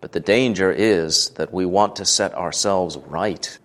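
A man giving a scripted devotional reading, measured and earnest, lifting his voice for quoted speech. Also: deep voice. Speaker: devotional reader.

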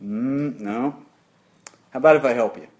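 A man preaching an interactive sermon, putting questions to the congregation in an emphatic, deliberate way. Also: mid-range voice, darkish tone.

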